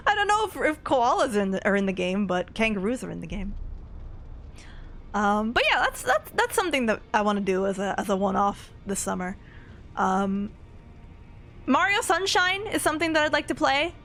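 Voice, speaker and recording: A woman's voice: mid-range voice, a bit bright. A young adult woman streamer chatting casually with her chat, giggly and rambling with frequent restarts.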